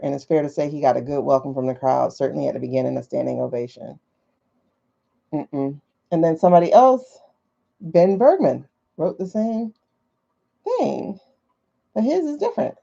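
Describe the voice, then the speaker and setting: Low, creaky and mellow, this woman's voice carries her phone livestream, where she hosts in a chatty, skeptical way and thinks aloud full of fillers. The livestream audio sounds dull and lo-fi.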